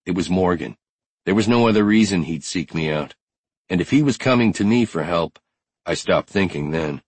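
A man's voice: low-pitched, lively intonation, moderate pace, husky, no echo. A man narrating a first-person audiobook with tense, driven storytelling.

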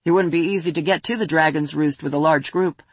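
A woman reads a grave adult adventurer in a lowered, breathy voice. He answers flatly, with tired certainty. The sound is dry and close. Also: fairly quick, dry recording. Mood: calm, firm. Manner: flat, serious, matter-of-fact. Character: stern adult male adventurer, calm, weary.

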